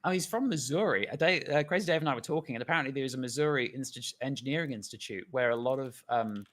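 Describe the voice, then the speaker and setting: A man's voice: medium pitch, quick pace, a bit bright. Casual guy for a stream chat: giggly, rambling, loose with swearing. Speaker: guest animator.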